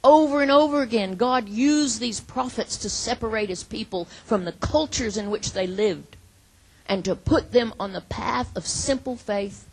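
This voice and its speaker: A woman preaching a sermon in an earnest, emphatic way, acting out imagined prayers and dropping from loud to hushed. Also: mid-range voice, creaky, husky, poor audio.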